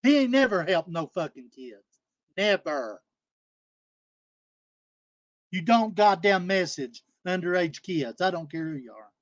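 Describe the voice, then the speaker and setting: A speaker delivers a fired-up, cuss-heavy livestream rant, hammering the same points over and over. The voice sits at a middling pitch and sounds dry and close, with no room around it. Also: lively intonation, a little slow, long pauses, no room sound, dull audio. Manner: aggravated, profane, repetitive scolding. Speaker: live stream panel host.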